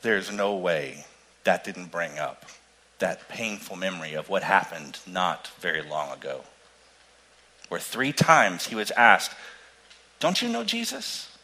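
A man preaching a sermon in an animated storytelling way, with loud emphasis that drops to hushed tones. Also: low voice, unhurried, low-quality recording. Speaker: pastor.

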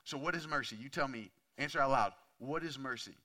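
Talking a little fast at medium pitch, this thirtysomething preacher gives a frank, chatty sermon full of tangents, shifting between hushed moments and loud, intense bursts.

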